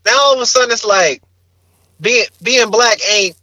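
A man's voice: very high voice, moderate pace, pushed and bright, no room sound, rough recording. A man co-hosting a podcast in casual chat, ranting brashly and crudely and joking as he goes. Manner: brash, profane, joking rants. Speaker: podcast co-host.

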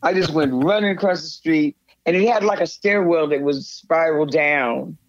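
An older woman, a guest in an interview, recounting a memory in a rambling, animated way, often restarting her sentences. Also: low-pitched, moderate pace, dry recording. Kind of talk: storytelling in a conversational interview. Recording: slightly dull, dry sound.

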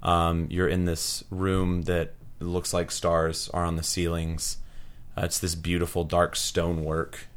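A young man runs a tabletop game in a low, deep voice. He narrates slowly and loosely, pausing on fillers as he describes the scene. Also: clear, resonant tone. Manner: relaxed, halting narration with many fillers. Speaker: game master.

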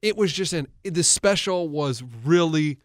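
Sports-talk co-host, male, highish voice, dry close mic, animated stop-start storyteller. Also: unhurried, no room sound. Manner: animated storyteller, retells others' words with many restarts. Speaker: coach and co-host. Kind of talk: casual sports talk chat.

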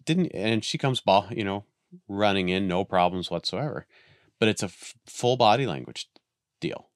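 A man's voice: fairly low pitch, expressive, normal speed, dry recording, clean studio sound. A man in casual conversation, telling a long story with many restarts and acted-out voices. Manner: rambling, restarts a lot, acts out voices in stories. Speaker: guest on a dog training podcast.

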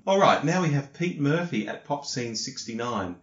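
An Australian man co-hosting a podcast in casual chat, relaxed and laconic, and quick to laugh. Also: mid-range voice. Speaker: podcast co-host. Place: hotel room. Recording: lo-fi echoey room recording.

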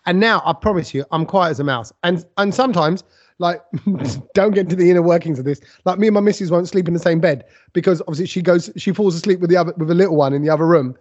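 A man's voice: high-pitched, fast talker. A man chatting casually on a podcast, teasing and telling stories, on a dull lo-fi recording. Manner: teasing, storytelling. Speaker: podcast co-host. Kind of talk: casual chat. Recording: dull lo-fi sound.

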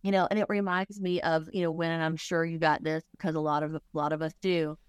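A woman's voice: deep voice, little pitch movement, fast talker, clear, resonant tone, no echo, studio quality. Earnest woman counselor sharing candidly. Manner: earnest, candid, acts out her own thoughts. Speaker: grief counselor guest. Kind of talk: heartfelt conversational interview.

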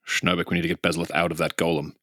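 A man playing a tabletop game, eager and quick to plan. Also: sits low, little pitch movement, bright, forceful tone, dry recording, studio quality. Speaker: player.

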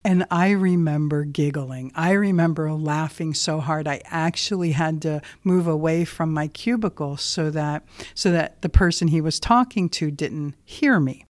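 A woman's voice: sits low, a little slow, no echo, clean studio sound. A woman giving a motivational talk, telling a workplace story in a conversational way and asking listeners direct questions. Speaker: motivational speaker.

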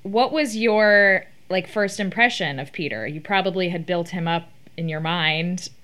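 A woman's voice: on the low side, measured pace, fairly bright tone. A woman hosting a casual interview who asks chatty follow-up questions.

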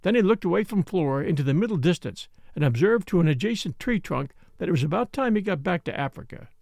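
A man reading a novel aloud in a measured, expressive narration. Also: sits high, vocal fry, no echo. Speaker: audiobook reader. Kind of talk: scripted narration.

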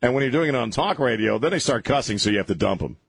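A man's voice: mid-range voice, animated, fast talker, vocal fry, slightly rough. A man hosting talk radio, ranting sarcastically through an opinionated monologue and often restarting his sentences.

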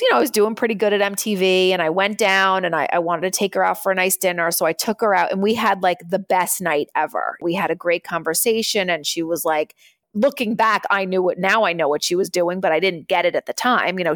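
A woman's voice: mid-range voice, a bit bright, no echo, clean studio sound. A woman in her thirties, speaking candidly as a guest in an interview, in an earnest, conversational way and acting out the voices she quotes.

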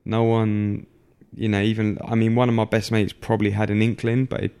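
A young man, telling a personal story as an interview guest in a halting way, full of fillers and restarts. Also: on the low side, completely flat delivery, darkish tone, smooth.

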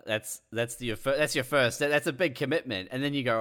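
A man's voice: medium pitch, brisk, few pauses, fairly bright tone. A man in his twenties co-hosting a podcast, reacting with disbelief and building on jokes with acted quotes. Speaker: podcast co-host. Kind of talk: casual comedic chat.

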